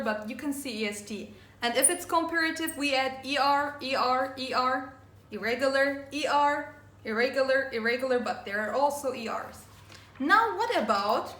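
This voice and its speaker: A woman teacher giving an English grammar lesson, slowly spelling out endings and repeating words for her students. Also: sits high, a bit bright. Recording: echoey room.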